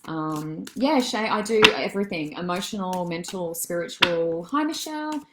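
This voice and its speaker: A woman with a slightly low voice gives psychic readings on a live stream and answers viewers' comments as they come in. She is affectionate and calls people darling and love. She drifts from thought to thought with easy fillers. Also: lively intonation, moderate pace, very noisy. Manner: chatty and meandering, many soft fillers. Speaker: psychic medium and healer.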